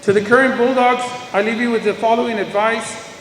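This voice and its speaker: A middle-aged man with a very high voice gives an emphatic, animated motivational speech to students. He sounds far from the mic, and a long booming echo fills the big school hall around him. A faint hum of ambience sits behind. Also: brisk. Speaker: guest speaker, former teacher. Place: large school hall or gym.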